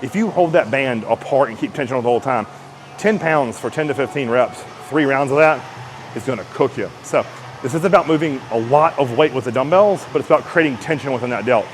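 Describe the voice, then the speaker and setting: A man coaching a shoulder exercise in a casual, energetic way, talking while he lifts and strains through the reps. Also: medium pitch, fairly quick, a little hiss or hum, rough recording. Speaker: fitness coach.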